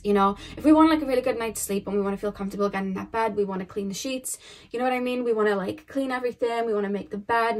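A woman reads tarot for an online audience in a loose, chatty way. She fills her sentences with fillers, restarts her thoughts and speaks straight to the viewers as "you guys". Her pitch sits in an ordinary middle range. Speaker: tarot card reader. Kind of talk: casual pick-a-card tarot reading.

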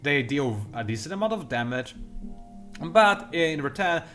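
A young man hosting a strategy game tutorial, talking quickly through detailed explanations with dry, sarcastic asides. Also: a little high, lively intonation, fairly bright tone, soft background music. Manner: talks fast, self-admittedly. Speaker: gameplay tutorial host. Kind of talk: explanatory let's-play commentary.

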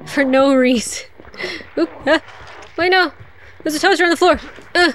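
A woman's voice: high-pitched, measured pace, fairly bright tone. A young woman streaming a horror game, chatting casually, laughing often and talking back to the game. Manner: chatty, giggly, talks to the game. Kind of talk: casual gameplay commentary.

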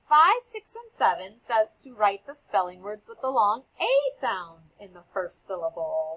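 A young woman, working as an elementary school teacher, runs a classroom phonics lesson, calling on students by name and encouragingly repeating their answers. Her voice is medium-pitched and a bit bright with a breathy edge, though the audio quality is poor.

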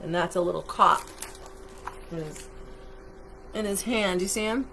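A woman's voice: lowish voice, a little slow, gravelly, pushed and bright, slight background noise. A woman reading a picture book aloud to children on a livestream, chatty and asking her listeners questions, through a computer microphone. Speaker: storytime reader.

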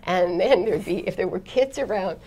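A woman's voice: medium pitch, normal speed, mellow, a little hiss or hum. A middle-aged woman, a foreign correspondent, recounting her career in a chatty interview, laughing often and restarting her sentences. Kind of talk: reflective interview storytelling.

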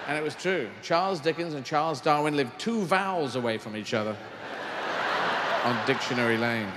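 A man's voice: medium pitch, normal speed, noisy background. A male comedian doing live stand-up on a large arena stage, rambling and surreal in his delivery. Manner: rambling, surreal, animated, sweary. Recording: roomy arena with audience laughter.

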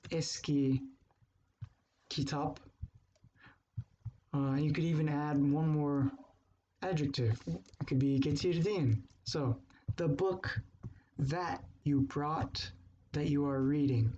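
A man gives a patient grammar lesson, saying his example phrases slowly and repeating them. His voice is soft and mellow, and his pace is unhurried. The recording sounds dull and lo-fi. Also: fairly high pitch, slight background noise. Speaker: language teacher. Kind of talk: explaining grammar step by step.

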